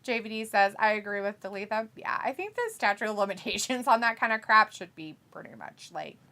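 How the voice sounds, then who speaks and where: A woman hosting a live watch-along stream, reading viewer chat messages aloud with quick laughs in casual talk. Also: medium pitch, expressive, pushed and bright.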